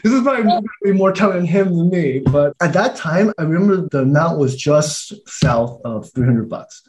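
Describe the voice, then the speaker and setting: Thirties man from Taiwan, podcast guest, relaxed chatter with frequent laughs. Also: fairly high pitch, normal speed. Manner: relaxed, laughs often, many "like" fillers. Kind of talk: casual conversation.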